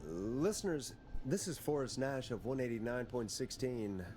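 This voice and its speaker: An actor playing a composed late-night radio DJ with a measured, announcer-like delivery in a video game. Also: male voice, medium pitch, expressive, a little mellow, faint music behind, close to an everyday voice.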